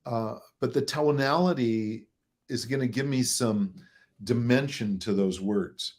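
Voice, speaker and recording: A man speaking as a relationship coach in an interview, explaining at a steady, moderate pace and chuckling often. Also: mid-range voice, unhurried. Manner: chuckles often, acts out examples; steady, moderate pace by his own account.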